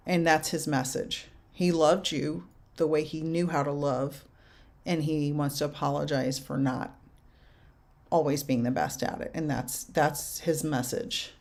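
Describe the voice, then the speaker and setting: A young adult woman medium giving spirit messages to viewers in a casual live chat, halting and soft-spoken. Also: low voice, steady tone, creaky. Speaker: medium answering viewer questions.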